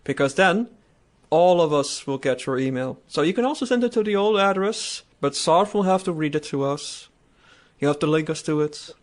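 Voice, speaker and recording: A man's voice: a little high, expressive, normal speed. A man co-hosting a casual podcast, rambling and laughing often as he talks. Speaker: podcast co-host. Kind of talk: casual chat.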